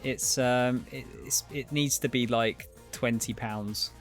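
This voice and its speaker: A man's voice: mid-range voice, steady tone, slow, faint music behind. A man co-hosting a stream, giving wry, unimpressed reaction commentary. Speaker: stream co-host.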